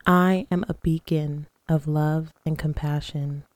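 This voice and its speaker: A woman hosting a podcast who leads slow, calm breathing exercises and guided affirmations in a soothing manner. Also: low-pitched, no echo. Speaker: podcast host.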